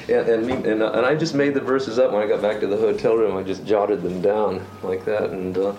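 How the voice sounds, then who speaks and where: A songwriter telling a story in a casual recorded interview, rambling and halting with many fillers and restarts. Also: male voice, on the low side, fairly even intonation, darkish tone, a little hiss or hum.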